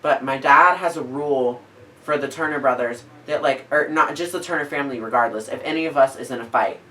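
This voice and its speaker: A man in his twenties, a podcast host, telling a story in a casual, animated way, full of fillers and acted-out quotes. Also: medium pitch, a little fast, far from the mic, low-quality recording. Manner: animated, filler-heavy, acts out quoted lines.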